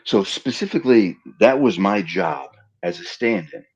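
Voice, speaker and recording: Gravelly, husky man telling stories. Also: lowish voice, normal speed, lo-fi sound. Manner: animated storyteller acting out quoted dialogue. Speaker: interview guest. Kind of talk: casual storytelling interview.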